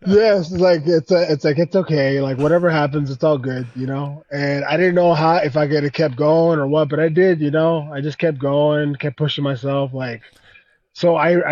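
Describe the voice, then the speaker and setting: Man, podcast guest, halting casual talk, lots of "man" and "you know", dry, slightly dull lo-fi sound. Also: a little high, fairly even intonation, a little mellow, dry recording. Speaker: guest fighter.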